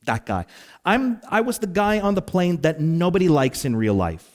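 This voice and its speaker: Animated man preaching a story-driven sermon. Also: high-pitched, normal speed. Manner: animated storyteller, acts out exasperated sighs and asides. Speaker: pastor.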